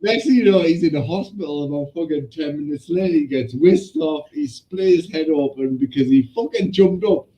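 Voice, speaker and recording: A man's voice: a little high, moderate pace, few pauses, poor audio. A man, co-hosting a casual chat and telling a story with lots of swearing and acted-out voices. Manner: animated storyteller, swears a lot, acts out voices and shouts. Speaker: podcast co-host.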